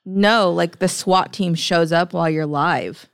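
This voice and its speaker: A woman's voice: fairly low pitch, measured pace, smooth, no room sound, studio quality. A woman chatting on a podcast as a guest, chatty and easily spooked. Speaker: guest, host's wife. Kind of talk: casual chat.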